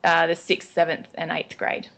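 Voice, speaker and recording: A woman's voice: low-pitched, completely flat delivery, normal speed, creaky, a bit bright. An Australian woman talking casually as an interview guest, chatty with lots of ums and restarts.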